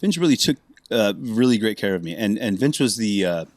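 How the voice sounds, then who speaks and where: Rapid-talking man telling stories. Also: on the low side, dry recording. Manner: animated, acts out other people's lines. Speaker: bassist and podcast guest. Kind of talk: casual storytelling.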